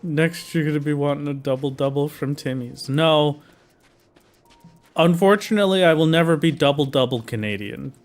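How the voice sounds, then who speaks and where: A streamer with a fairly high voice chats casually with viewers at a moderate pace while playing a game, playful and jokey. Faint game music sits in the background.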